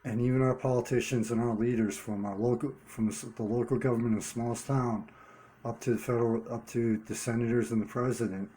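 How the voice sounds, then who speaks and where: A man talking straight to his viewers in an unscripted monologue, earnest and halting, repeating key words for emphasis. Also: mid-range voice, flat delivery, dark tone. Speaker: vlogger running a one-person channel.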